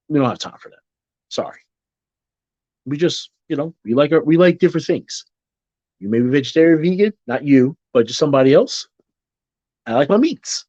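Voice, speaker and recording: A man rambles casually to his viewers, circling back on his phrases and getting animated when he jokes. His voice is mid-pitched and sits close and dry in the recording, which sounds a little dull and muffled. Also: moderate pace, long pauses, dry recording. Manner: rambling, with restarts and repeated phrases; animated when joking, mimics people in quotes. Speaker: vlogger.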